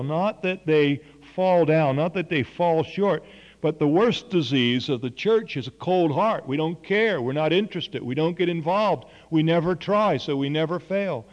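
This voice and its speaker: A man's voice: on the high side, a little mellow, big-room sound, muffled recording. A man preaching a sermon, telling a story earnestly and voicing the people in it. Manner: earnest storytelling with quoted dialogue.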